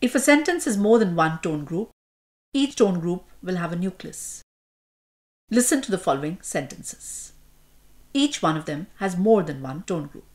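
A woman's voice: lowish voice, sing-song, moderate pace. A woman with an Indian English accent narrating a scripted lesson on pronunciation in a formal, explanatory manner. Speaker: course narrator.

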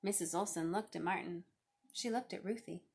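A woman reading a children's picture book aloud, expressive and lively. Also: lowish voice, normal speed, creaky. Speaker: reader.

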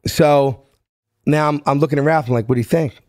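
A man's voice: on the high side, a little fast, no room sound, clean studio sound. A man in his fifties from South Philadelphia with a Philadelphia accent, telling a story in an interview and acting out every voice. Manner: animated, acts out the voices in his anecdotes. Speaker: guest.

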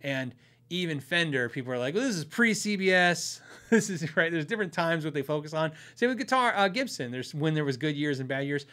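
A man's voice: fairly high pitch, lively intonation, fairly quick, a bit bright. Chuckling man rambling on a podcast. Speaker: podcast host. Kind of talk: casual podcast chat.

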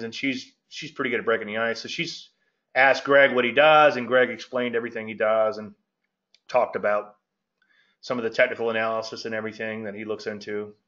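A man's voice: medium pitch, pushed and bright. A middle-aged man hosting a casual trading commentary, gregarious and rambling, often breaking off mid-sentence. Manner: gregarious, rambling, self-interrupting. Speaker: market analyst and show host. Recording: dull lo-fi audio.

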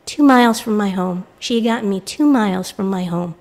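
An American woman intern minister giving a reflective sermon, telling a personal story and voicing the people in it with lively quoted lines. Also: medium pitch, a little fast. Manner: reflective, animated when quoting others. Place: church sanctuary.

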